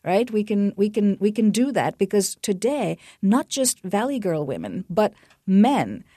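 A middle-aged woman explaining research findings in a radio interview, animated and given to restarts. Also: mid-range voice, unhurried, husky, no echo, studio quality. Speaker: guest researcher.

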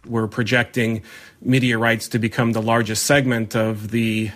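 A man's voice: mid-range voice, moderate pace. A man working as a sports business advisor, listing revenue sources in a plain business tone. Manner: flat, list-like business talk. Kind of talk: interview soundbite.

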